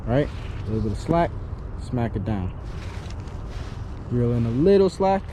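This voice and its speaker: A man's voice: mid-range voice, big pitch swings, normal speed, dark tone, a little hiss or hum. Young male vlogger, slangy, rambling, chatty. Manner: slangy, laughing often, rambling. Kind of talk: casual vlog chat.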